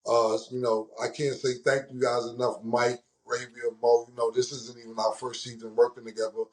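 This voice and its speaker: A man hosts a casual sports talk show. His voice sits at an ordinary middle pitch, and he tells stories in a loose, slang-heavy way. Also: flat delivery, a little fast. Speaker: host.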